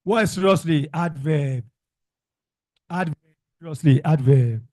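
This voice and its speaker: A man's voice: on the high side, unhurried, warm tone, dry recording, studio quality. Male teacher drilling a class. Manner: call-and-response drilling, asks questions and repeats answers. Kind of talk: classroom revision lesson.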